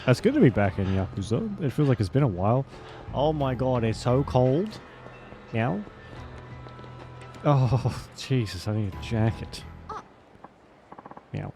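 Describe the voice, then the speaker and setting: A man's voice: mid-range voice, animated, moderate pace, warm tone, faint music behind. A man streaming a game live, chatting casually, reading lines aloud and meowing as a running joke.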